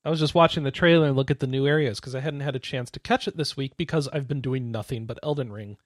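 A man co-hosting a gaming podcast in casual chat, excitable and quick to exclaim. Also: medium pitch, no room sound, studio quality. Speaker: podcast co-host.

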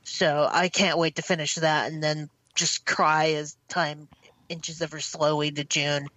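Low-voiced woman, easygoing podcast chat. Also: level tone, measured pace, a bit bright, no room sound. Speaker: podcast co-host. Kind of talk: casual gaming podcast chat.

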